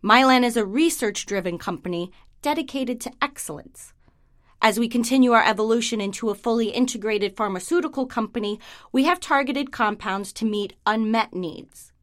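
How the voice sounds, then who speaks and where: A woman voice-over artist reading ads, a corporate script and a storybook in a measured way. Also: on the high side, fairly bright tone, no echo, studio quality.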